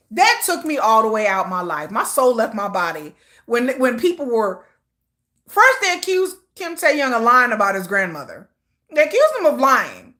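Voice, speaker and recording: A woman hosts a casual fan livestream, telling stories in a lively, laughing way. Her voice is high and bright and swoops widely up and down. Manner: animated, laughing, dramatic storytelling. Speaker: livestream host.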